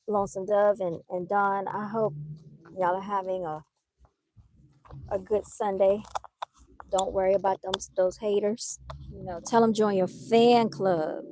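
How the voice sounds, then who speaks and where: A woman telling a story on a casual livestream, animated, talking straight to her viewers into a phone. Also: mid-range voice, vocal fry, a little hiss or hum. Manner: animated, addresses viewers as "y'all". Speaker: vlogger. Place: outdoors by a car, then moving inside.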